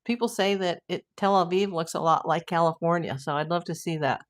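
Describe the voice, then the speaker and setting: Chatty older American woman, lowish voice. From United States. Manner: chatty and exclamatory, quick to say wow. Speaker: livestream host reading viewer chat. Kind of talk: casual live chat.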